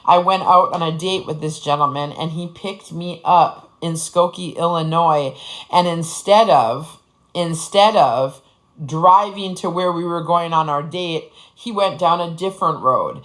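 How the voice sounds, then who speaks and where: A woman's voice: lowish voice, a bit bright, low-quality recording. A woman from Upper Michigan telling her own story to her audience in a blunt, profane, casual way, often calling her listeners "bestie". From Upper Michigan, United States.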